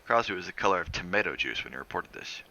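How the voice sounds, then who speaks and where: A man reading a novel aloud in steady, measured narration. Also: low voice. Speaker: reader of a novel on a stream.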